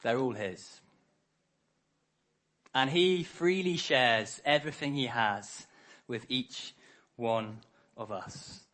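A man's voice: mid-range voice, slow, pauses often, fairly bright tone. A man preaching a harvest sermon, telling a story and acting out the characters' lines.

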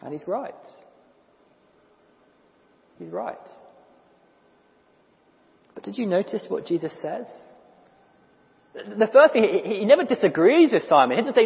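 A man preaching a sermon in a conversational, animated way, with quick asides and small restarts. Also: high voice, vocal fry. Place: church. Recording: dull lo-fi recording in a reverberant church hall.

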